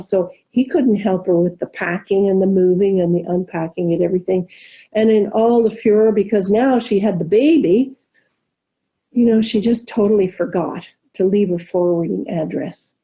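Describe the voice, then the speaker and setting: A woman minister giving a gentle, reflective sermon, telling a story and leading soft spoken affirmations. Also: medium pitch, normal speed. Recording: dull lo-fi recording.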